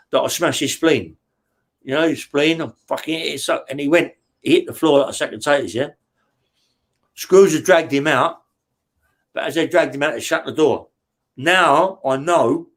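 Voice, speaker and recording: A man, a guest in an interview, telling a crime story in a blunt, profane, rambling way and checking in with "yeah?" after almost every line. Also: a little high. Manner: rambling and vivid, full of restarts and sound words. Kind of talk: casual true-crime storytelling.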